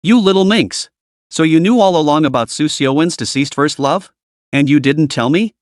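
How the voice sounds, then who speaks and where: A man's voice: on the high side, normal speed, no echo, studio quality, lightly acted. A man voicing a confident, scornful young husband in a recapped comic story, teasing and mocking.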